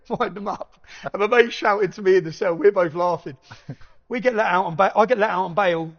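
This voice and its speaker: A man telling an animated anecdote in casual chat, swearing freely and laughing between lines. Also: sits high, fairly quick. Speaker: podcast guest. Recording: dull lo-fi recording.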